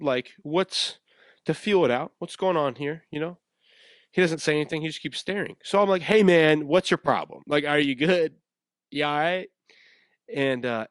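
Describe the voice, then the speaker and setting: A young man from the US West Coast hosts a podcast, telling a story in a loose, rambling, animated way and acting out what people said. His voice is fairly high-pitched, and the recording is dry and studio quality.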